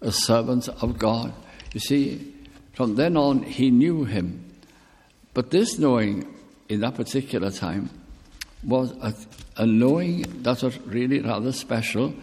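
Older male preacher, unhurried and husky, sermon in a reverberant hall. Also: medium pitch, darkish tone. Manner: slow, deliberate, drawn-out emphasis. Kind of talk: sermon with personal testimony.

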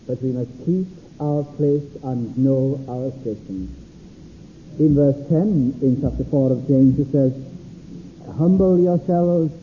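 A man preaching a sermon, animated and talking straight to the congregation, jumping up in pitch for emphasis. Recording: tinny phone-like old tape with faint hiss.

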